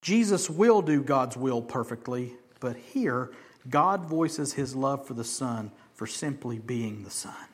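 A man preaching a sermon, shifting between hushed, slow emphasis and loud, high declarations, with casual jokey asides. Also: animated. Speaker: pastor.

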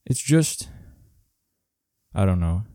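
A man's voice: sits low, very animated, takes it slowly, warm tone, dry recording, clean studio sound. A man hosting a solo podcast, ranting sarcastically and profanely in a grumpy way. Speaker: podcast host.

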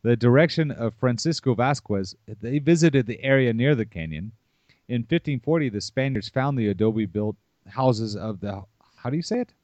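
A man's voice: mid-range voice, animated, moderate pace, darkish tone, no echo. A man hosting a casual podcast chat, musing aloud and throwing questions at his co-host in a loose, conversational way.

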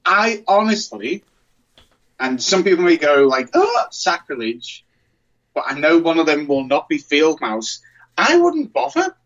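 A man's voice: a little high, very animated, measured pace, fairly bright tone, muffled recording. A man chatting casually as a podcast co-host, rambling and restarting his sentences often. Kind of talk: casual chat.

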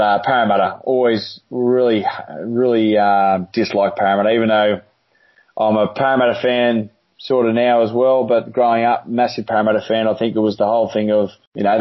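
An Australian man, a former rugby league player, telling stories in a relaxed, rambling interview with plenty of fillers. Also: fairly low pitch. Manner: laid-back, rambling with many "uh" fillers. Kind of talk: casual storytelling interview. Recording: dull lo-fi audio.

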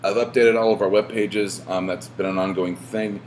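Low-voiced guy hosting his podcast, rambly, lots of ums and restarts, cusses when he gets going. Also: moderate pace, a little hiss or hum. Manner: rambling, self-interrupting with many fillers and restarts; swearing, animated when retelling stories. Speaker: podcast host. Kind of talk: casual podcast monologue.

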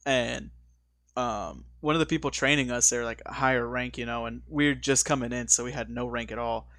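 A relaxed man recounts an anecdote to friends, stacking fillers and "he's like" before each quote. His voice is mid-pitched and recorded close in a dead, dry space. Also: normal speed, no echo. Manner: laid-back, filler-heavy, repeats "he's like". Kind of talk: casual storytelling chat.

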